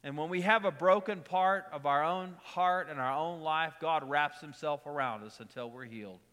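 A middle-aged man preaching a sermon in a conversational way, repeating key lines and telling quick personal stories. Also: fairly high pitch, a bit bright, long reverb tail. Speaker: pastor.

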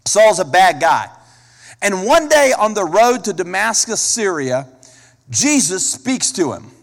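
A man's voice: sits high, big pitch swings, unhurried. A man preaching a sermon as a pastor, emphatic, repeating key phrases and asking the listeners direct questions. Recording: long hall reverb.

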